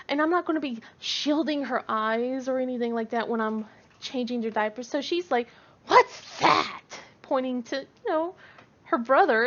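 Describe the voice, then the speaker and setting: Chatty woman laughing through family stories. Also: a little high. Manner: chatty, laughs often, frequent restarts. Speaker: craft vlogger. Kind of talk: casual storytelling. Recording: dull lo-fi home recording.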